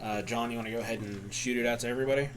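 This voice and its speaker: A man's voice: medium pitch, fairly even intonation, rapid-fire, faint music behind. A man hosting and running a tabletop game stream, talking loosely and joking, tripping over his words now and then. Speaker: dungeon master. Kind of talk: casual stream banter.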